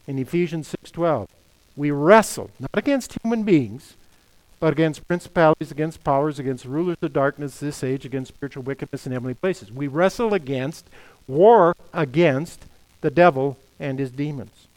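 A man's voice: a little high, moderate pace, a little mellow, low-quality recording. A middle-aged man preaching a sermon as pastor, emphatic, firing off rhetorical questions and quoting scripture.

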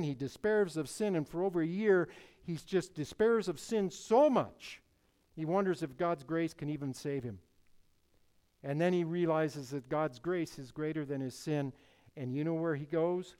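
A man preaching a sermon in an emphatic, deliberate way, repeating key phrases. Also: on the high side, a little mellow.

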